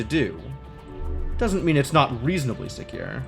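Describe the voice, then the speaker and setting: A man's voice: on the high side, big pitch swings, a little slow, over music. A young man streaming a game live, chatting casually with wry, sarcastic asides while he plays. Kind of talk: casual live gameplay commentary.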